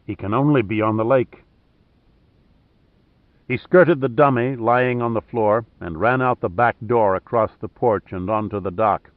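A man narrating a thriller audiobook in a steady, measured way. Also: medium pitch, dry recording. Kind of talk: scripted narration. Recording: dry, tinny phone-like sound.

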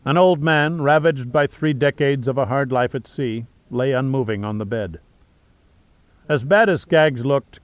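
A man narrating an audiobook in a measured, even storytelling manner. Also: mid-range voice, clear, resonant tone, no room sound. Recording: dull, dry studio recording.

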